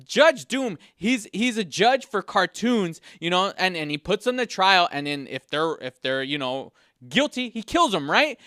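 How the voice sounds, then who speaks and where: High, bright-voiced ranting man. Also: very animated, a little slow, no echo, studio quality. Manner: exasperated, ranting, stumbling restarts. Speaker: podcast host. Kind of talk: comedic movie rant.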